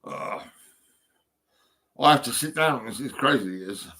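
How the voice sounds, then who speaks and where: A man's voice: mid-range voice, lively intonation, measured pace, bright, forceful tone. A man vlogging at home, rambling casually with lots of fillers and the odd swear.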